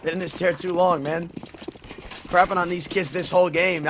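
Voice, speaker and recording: High-voiced excitable esports caster. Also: male voice, normal speed. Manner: excitable, jokey banter. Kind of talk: play-by-play esports commentary. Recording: audible background noise.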